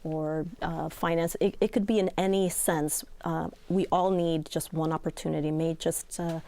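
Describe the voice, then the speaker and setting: A woman's voice: low-pitched, steady tone, normal speed, mellow. A woman who heads a housing nonprofit, speaking earnestly in an interview with frequent hesitations. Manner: earnest, hesitant with many fillers. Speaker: nonprofit executive director. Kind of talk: casual interview chat.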